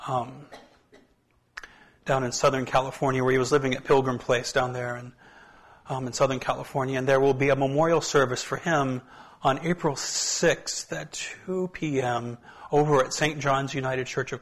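A man speaking as a pastor in a relaxed, chatty talk to a church group, his voice a bit hoarse from allergies, on a hand mic. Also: medium pitch. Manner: relaxed, chatty, self-deprecating asides.

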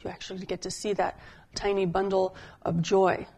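A woman giving a sermon as a pastor, telling stories in a conversational style and slowing down to stress key points. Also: medium pitch, little pitch movement, vocal fry, a little mellow, slightly rough. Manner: conversational storytelling preaching, slowing for emphasis.

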